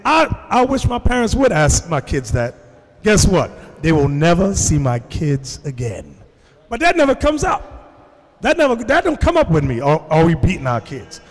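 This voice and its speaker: Preaching at a moderate pace, this man animates his stories for the congregation, voicing the characters himself. His fairly high voice rises and falls widely, and each word echoes with the long reverb of a large hall.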